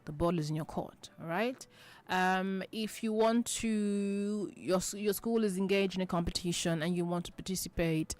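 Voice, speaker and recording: Lady hosting a kids radio show, explains idioms slow and patient, repeats stuff, keeps asking do you understand. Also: mid-range voice. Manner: patient, repeats each point, checks understanding; acts out example quotes in lively voices. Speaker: children's radio show host. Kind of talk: teaching idioms to children on radio.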